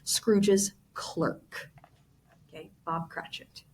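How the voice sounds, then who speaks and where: A woman's voice: on the low side, steady tone, very slow, darkish tone. Woman teacher explaining a read-aloud. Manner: explains words, addresses students directly. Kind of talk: classroom read-aloud lesson.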